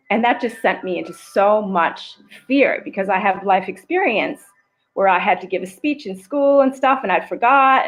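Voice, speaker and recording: A woman's voice: mid-range voice, rough recording. A woman coaching live on stream, talking earnestly about self-worth and then guiding a meditation, with an emotive, heartfelt delivery and the odd swear word. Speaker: spiritual coach. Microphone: live stream camera.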